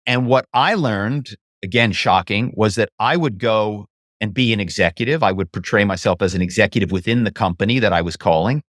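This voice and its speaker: A man's voice: on the low side, a little fast, dry recording, clean studio sound. A man, a former actor and author, telling stories as a podcast guest and acting out phone calls in different voices. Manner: animated, acts out phone calls. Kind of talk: casual storytelling interview.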